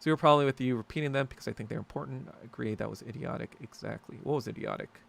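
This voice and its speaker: A man's voice: mid-range voice, fast, vocal fry. A man hosting a casual podcast chat, rambling and sarcastic, swearing often as he reads and answers viewer comments. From New York. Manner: rambling, profane, sarcastic ranting. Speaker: podcast host.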